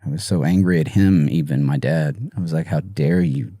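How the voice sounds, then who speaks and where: Soft-spoken man with a low dark voice. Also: no echo, clean studio sound. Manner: halting, soft-spoken, many fillers and restarts. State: emotional, choked up. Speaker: musician guest. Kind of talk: podcast interview.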